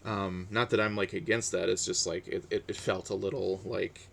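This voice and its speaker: A man's voice: sits low, moderate pace, creaky, a little hiss or hum. A man chatting casually on his own, hesitant and full of fillers and restarts. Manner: relaxed, chatty. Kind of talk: casual personal monologue.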